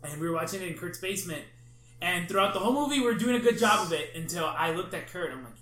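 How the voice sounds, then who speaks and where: Animated storytelling man, echoey room. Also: high voice, very fast. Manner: animated, swears, acts out friends' reactions. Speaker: podcast host. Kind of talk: casual chat, storytelling. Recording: echoey room, faint background hum.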